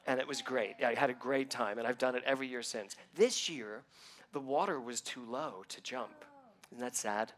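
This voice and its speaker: A middle-aged man, a minister, telling a personal story in a sermon, acting out what others said with lively ups and downs. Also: mid-range voice, normal speed, a little hiss or hum. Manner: animated storytelling, acting out quoted voices.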